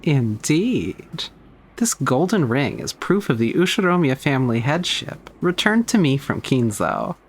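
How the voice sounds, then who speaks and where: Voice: mid-range voice, very animated, unhurried, slightly rough, heavily acted. A player voicing a grand, haughty witch, speaking in a lofty, theatrical, old-fashioned manner while reading a visual novel aloud. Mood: reassuring.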